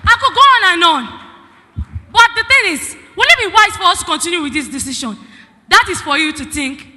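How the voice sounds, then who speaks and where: A woman's voice: very high-pitched, lively intonation, a little fast, bright, forceful tone. A Nigerian teenage girl giving a formal school debate speech, emphatic and full of rhetorical questions. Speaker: student debater. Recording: hall reverb.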